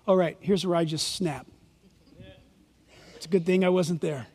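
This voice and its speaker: Fiery high-voiced male preacher. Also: unhurried, long pauses, in a large hall. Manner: animated, sarcastic, fiery preaching. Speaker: pastor. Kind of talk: sermon. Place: church sanctuary.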